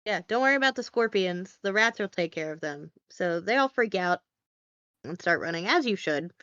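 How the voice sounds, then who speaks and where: Rambling loosely through a movie plot for her friends, a woman podcast host scatters fillers and wry asides in a casual recap. Her smooth, clear voice is on the low side, animated, fairly bright, and at normal speed. The dry, echo-free recording sounds slightly dull, like a lo-fi home podcast mic.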